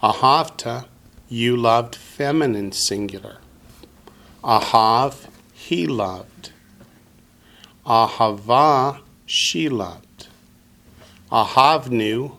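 A patient, deliberate male teacher. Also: mid-range voice, creaky, fairly bright tone. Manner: patient, deliberate, quizzes students. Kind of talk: classroom lesson.

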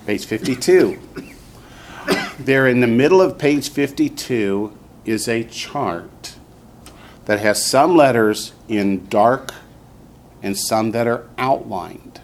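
A man's voice: mid-range voice, expressive, slow pace, long pauses, slight background noise. A man teaching a classroom language lesson, patiently repeating his students' answers before explaining.

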